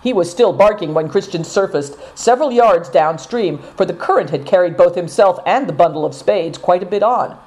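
Woman storybook narrator; low, mellow, very animated reading. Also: normal speed, few pauses. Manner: expressive, dramatic reading. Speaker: audiobook narrator.

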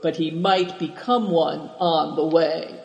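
A man's voice: a little high, steady tone, slow pace, gravelly, muffled recording. A man voicing a self-important, grumbling male frontier colonel in a storybook reading, stiff and formal. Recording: echoey room with long reverb.

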